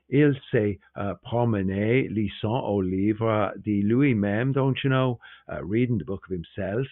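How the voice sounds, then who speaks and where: A man's voice: medium pitch, voice pushed up. A man voicing an affable, effete young librarian who talks in a gushing, mannered way. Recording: tinny, phone-like sound.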